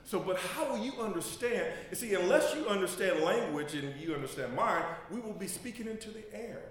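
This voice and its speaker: A male pastor preaches in a fairly high voice and keeps the tone conversational. He quizzes the congregation and laughs along with them. His voice rings out in a very echoey church. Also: animated, a little fast. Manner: conversational preaching, asks the congregation to fill in words; joking and laughing. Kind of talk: sermon. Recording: very echoey room. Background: congregation responding.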